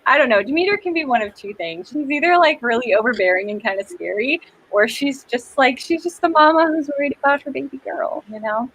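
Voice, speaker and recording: A woman hosting a casual writing livestream, bubbly and quick to giggle. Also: high voice, animated, fairly bright tone, slight background noise, poor audio. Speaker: host.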